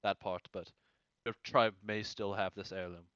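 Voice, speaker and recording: A man playing a tabletop game, joking and animated, cutting in with ideas. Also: on the low side, smooth, no room sound, lo-fi sound. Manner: animated, joking, quick to interrupt. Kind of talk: casual in-character chat.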